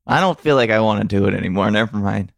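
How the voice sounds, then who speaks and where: A male comedian in casual chat, self-deprecating and quick to laugh at himself. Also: fairly low pitch, creaky, no echo, clean studio sound.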